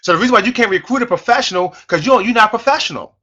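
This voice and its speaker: High, bright-voiced preachy sales leader man. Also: lively intonation, very fast, lo-fi sound. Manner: emphatic, repetitive, preachy, addresses listeners as folks. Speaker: network marketing team leader. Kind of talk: motivational sales training on a conference call.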